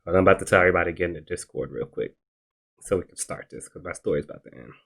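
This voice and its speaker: A man's voice: deep voice, very fast, creaky. A young man hosting a podcast, telling a rambling story in casual slang and acting out what people said. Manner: rambling, animated, slangy, acts out quotes. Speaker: podcast host.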